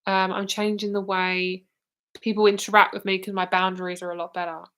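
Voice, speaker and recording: A woman's voice: mid-range voice, little pitch movement, a little fast, a bit bright. A woman giving tarot readings on a live stream, chatty and blunt, laughing often and tired enough to yawn. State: tired, yawning. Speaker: tarot reader.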